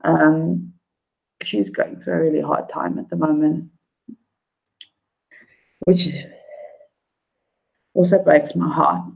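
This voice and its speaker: A woman chats casually on her live stream in a slightly low voice. She rambles and speaks from the heart, with plenty of fillers between her thoughts. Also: flat delivery, takes it slowly, creaky, long pauses, a little mellow, lo-fi sound. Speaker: YouTube vlogger.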